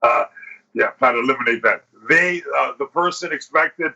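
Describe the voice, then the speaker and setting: A male podcast host swaps crude, profane stories in casual chat. His voice is bright and a little husky. He talks a bit high, and the recording is dull and lo-fi. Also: normal speed. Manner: crude, profane storytelling, acts out quotes.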